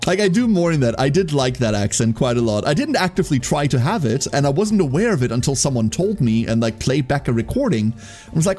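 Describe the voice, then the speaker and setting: A man's voice: fairly high pitch, very animated, moderate pace, a little mellow, soft background music. A man from Germany with a light German accent, casually chatting with his live-stream chat, laughing often and repeating his phrases.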